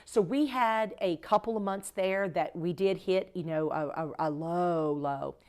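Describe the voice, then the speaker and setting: A woman's voice: on the low side, measured pace, darkish tone. A woman who owns a cleaning company, talking as a podcast guest in casual conversation, emphatic and acting out quoted dialogue as she tells her stories. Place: podcast recording.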